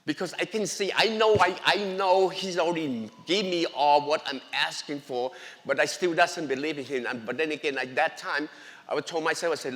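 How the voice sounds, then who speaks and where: A man's voice: a little high, normal speed, fairly bright tone. A man giving an earnest, emotional personal faith testimony in a church, speaking English with non-native grammar. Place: church sanctuary. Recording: long reverb of a large hall.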